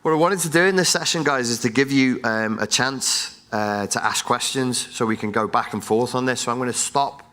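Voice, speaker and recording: A middle-aged man with a bright, forceful tone hammers his audience with a blunt, profane motivational talk from a conference stage. He is a psychologist, wired and jet-lagged, and his voice sits at an ordinary male pitch. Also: normal speed, hardly any pauses.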